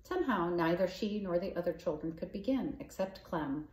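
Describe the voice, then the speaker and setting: A woman storyteller reading a children's novel aloud in a calm, measured way. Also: lowish voice. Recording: echoey room.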